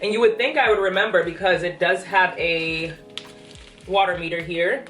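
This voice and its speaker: A young pregnant woman with a fairly low, slightly bright voice speaks at a moderate pace as she eagerly walks through a casual plant update, a little breathless. She's a plant vlogger filming indoors in an apartment room with plants. The audio is echoey and distant, with faint music.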